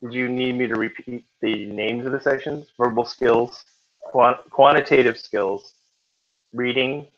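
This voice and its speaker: A man's voice: medium pitch, steady tone, a little slow. A man tutoring a class for a test, chatting and joking with his students in a classroom. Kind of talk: classroom teaching. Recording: dull lo-fi classroom recording.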